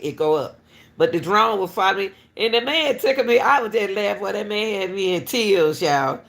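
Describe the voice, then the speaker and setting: A woman, a school crossing guard, casually telling viewers a story in an animated way and calling out to them often. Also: mid-range voice, normal speed. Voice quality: talks straight to viewers with repeated "y'all", animated and laughing.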